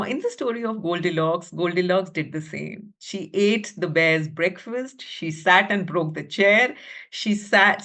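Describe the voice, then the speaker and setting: A woman's voice: on the high side, fairly bright tone. A woman with a South Asian English accent, telling a children's story in a webinar, dropping to whispers for suspense and asking the audience questions. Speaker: teacher trainer leading a storytelling webinar. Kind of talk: animated storytelling to an online audience. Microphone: computer mic on a video call.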